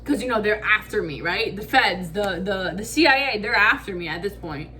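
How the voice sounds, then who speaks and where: A woman's voice: medium pitch, moderate pace, a little hiss or hum. A woman telling a storytime vlog in casual slang, acting out quotes with lots of fillers and swearing. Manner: animated, acts out quotes, frequent "like" fillers. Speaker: vlogger.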